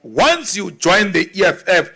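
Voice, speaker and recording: Guy giving a political speech, slow and emphatic, high-ish voice, pokes fun now and then. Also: very animated, gravelly, pushed and bright, breathy edge. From South Africa. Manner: emphatic, deliberate, mocking asides. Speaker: political leader.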